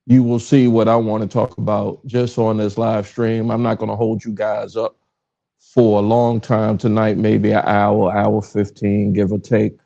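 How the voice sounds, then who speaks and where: A man's voice: fairly low pitch, little pitch movement, a little slow, creaky, warm tone. A middle-aged man from Richmond, Virginia, with a Southern accent, hosting a podcast livestream alone in casual, rambling talk that keeps interrupting itself. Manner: rambling, self-interrupting, fumbles with his stream setup. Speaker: podcast host. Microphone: livestream with phone recording. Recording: slightly dull, lo-fi livestream audio.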